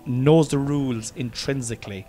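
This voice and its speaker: A man's voice: mid-range voice, moderate pace, dark tone, faint music behind. Rambling Irish man in his forties. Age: 40s. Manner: rambling, swearing, stop-start sentences. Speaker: podcast host. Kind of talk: casual chat.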